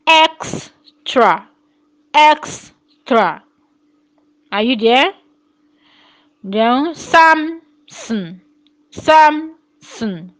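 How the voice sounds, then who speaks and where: A woman teaching a phonetics lesson, repeating words slowly and asking rhetorical questions. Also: fairly high pitch, poor audio. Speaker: English teacher.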